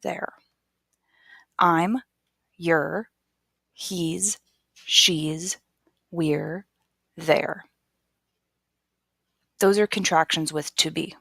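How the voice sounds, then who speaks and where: Woman, teacher voice, patient and slow, low with a gravelly edge, dry close sound. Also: fairly even intonation, fairly bright tone, dry recording. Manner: patient, repeats each word slowly for learners. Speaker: English teacher. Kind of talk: slow, careful classroom explanation.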